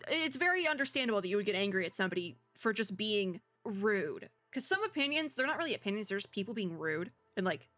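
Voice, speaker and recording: Chatty woman streamer, giggly, bright, close dry sound. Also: medium pitch, sing-song, fast, hardly any pauses, dry recording. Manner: chatty, filler-heavy, giggly. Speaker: VTuber streamer. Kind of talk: casual gameplay commentary.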